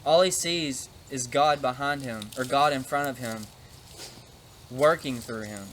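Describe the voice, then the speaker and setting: A man's voice: mid-range voice, a little slow, fairly bright tone. Guy telling a bible story real casual, lots of "you know", average voice, bit of faint noise. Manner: conversational, with frequent fillers; demonstrates a prop while talking.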